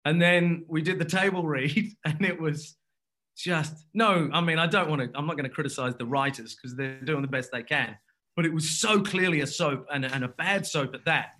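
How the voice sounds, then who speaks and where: A guest whose voice is on the high side, pushed and bright, tells a loose anecdote in casual conversation. He keeps breaking off to restart and is quick to laugh as he rambles.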